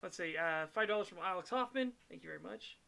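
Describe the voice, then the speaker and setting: Bright gravelly high-voiced man. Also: quick pace. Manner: animated, swearing, reads chat messages aloud. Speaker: podcast co-host reading super chats. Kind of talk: casual podcast chat.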